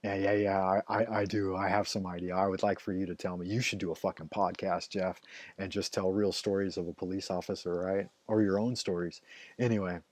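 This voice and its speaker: A man's voice: sits low, little pitch movement, fairly quick, a little mellow, dry recording. A middle-aged man hosting a live stream, telling stories in a casual, rambling way, swearing often and filling gaps with "like" and "you know". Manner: profane, loose, chatty, with frequent fillers.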